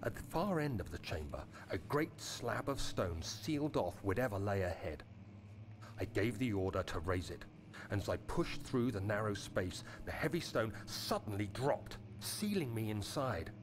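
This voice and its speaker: Haunted game narrator, grave and recounting, lively pitch, noisy game audio. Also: male voice, normal speed. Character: haunted man recalling past dread. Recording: game audio with clear background noise.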